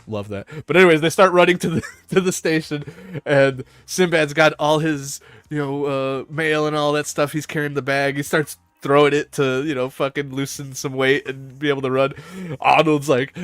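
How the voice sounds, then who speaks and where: A man's voice: mid-range voice, moderate pace, no echo, soft background music. A man hosting a casual panel chat, rambling, swearing and laughing as he retells scenes. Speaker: host.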